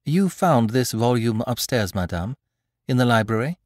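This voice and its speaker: A man voicing an eager, excitable young amateur sleuth who presses with urgent questions in an audiobook. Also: medium pitch, moderate pace, no echo, clean studio sound, lightly acted. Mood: questioning.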